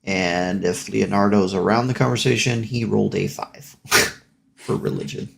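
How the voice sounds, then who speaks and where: A man playing a tabletop game, incredulous and animated. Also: on the low side, measured pace, vocal fry, heavy background noise. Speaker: player. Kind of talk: casual game talk.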